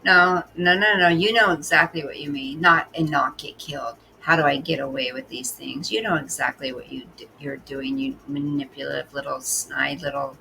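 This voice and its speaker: A woman's voice: deep voice, fairly even intonation, normal speed, gravelly, few pauses, noisy background. A woman hosting a casual reaction commentary, talking bluntly and sarcastically as she scolds the person in the clip. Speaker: commentary host.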